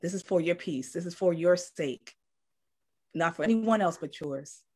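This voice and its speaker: A woman's voice: on the low side, measured pace, dark tone, slightly rough. Woman on a live talk show, heartfelt storytelling, does the voices when quoting folks. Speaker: co-host.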